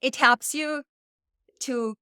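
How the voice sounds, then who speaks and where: A woman's voice: high voice, slow pace, pushed and bright, smooth, no echo, studio quality. A woman hosting a podcast interview, speaking in an affirming, emphatic conversational way. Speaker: podcast host.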